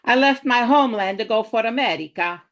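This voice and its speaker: A woman's voice: on the high side, brisk, fairly bright tone. A woman voicing an Italian immigrant mother from 1902, speaking broken English with an Italian accent and Italian words mixed in. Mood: earnest. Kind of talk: poetry reading in character.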